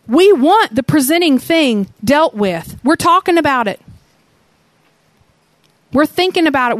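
Woman preacher, high voice, storytelling, keeps asking the crowd questions, dry sound. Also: no room sound. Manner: animated storytelling with rhetorical questions. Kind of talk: sermon.

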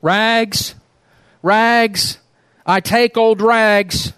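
A preacher voicing a tall, strong rag man who calls out his trade loudly and speaks gently to the people he meets. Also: fairly high pitch, little pitch movement, moderate pace, clean tone, no echo, clean studio sound, close to an everyday voice. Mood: calling out. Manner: loud ringing street calls.

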